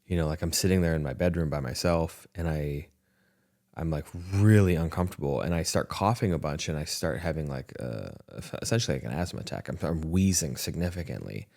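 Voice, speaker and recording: A man's voice: a bass voice, fairly quick, vocal fry, a little mellow. A man hosting a podcast, telling a personal story in an earnest, reflective way with frequent restarts. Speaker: podcast host. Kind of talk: candid conversation.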